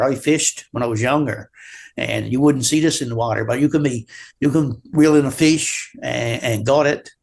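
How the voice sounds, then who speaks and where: A man's voice: a little high, creaky. A man from Newfoundland with a Newfoundland accent, chatting as a guest in a casual interview, rambling and often ending his sentences with "right?". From Newfoundland, Canada. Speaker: guest, drywall taper.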